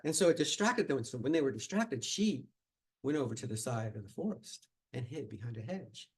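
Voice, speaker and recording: A man telling a tall tale at a live storytelling contest, speaking in an animated, dramatic way. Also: medium pitch, brisk, poor audio.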